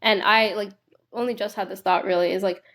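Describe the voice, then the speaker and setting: A woman's voice: medium pitch, steady tone, a little fast, fairly bright tone. Young woman co-host, casual and chatty, lots of "like" fillers, mid-range voice. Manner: chatty, many "like" fillers and restarts. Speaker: podcast co-host. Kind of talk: casual chat.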